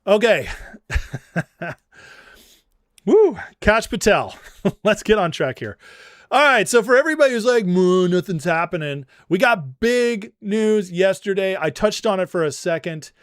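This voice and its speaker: A man's voice: high voice, animated, a little slow, pauses often, no room sound, clean studio sound. A man hosting a casual livestream commentary show, rambling and laughing often. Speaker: host.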